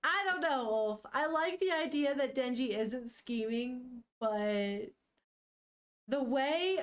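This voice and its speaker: Unhurried, giggly woman reading manga aloud. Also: high-pitched, animated. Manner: casual and giggly, swears, laughs often. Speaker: streamer.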